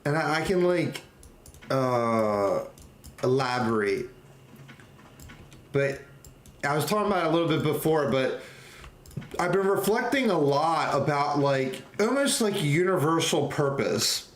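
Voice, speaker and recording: A man's voice: on the high side, animated, a little slow, long pauses. A young man chatting casually on a late-night stream from his home, rambling and goofy, laughing often and getting tired. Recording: echoey room, faint keyboard typing.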